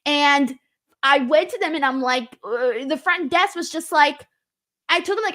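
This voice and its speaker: Animated woman telling stories. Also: high voice, a little slow. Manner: animated storyteller, acts out quotes. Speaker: host. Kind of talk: casual chat.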